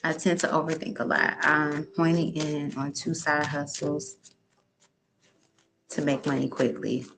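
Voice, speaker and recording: A woman's voice: low-pitched, flat delivery, a little slow, gravelly, fairly bright tone, slight background noise. A woman hosting a live tarot reading stream, chatting casually and reading out viewers' questions. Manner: chatty, hums and sings to herself while waiting; reads viewers' questions aloud. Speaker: tarot reader.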